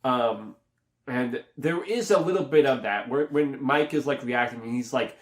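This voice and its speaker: A man talks through a movie review in a loose, rambling way, with plenty of fillers and restarts. His voice sits at an ordinary middle pitch. It jumps higher when he acts out his own reactions. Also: moderate pace. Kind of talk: casual spoken review.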